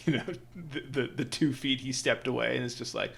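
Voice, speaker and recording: A man's voice: mid-range voice, fairly even intonation, a little fast, gravelly, few pauses, a bit bright. A man narrating as game master in a tabletop game, rambling and laughing easily.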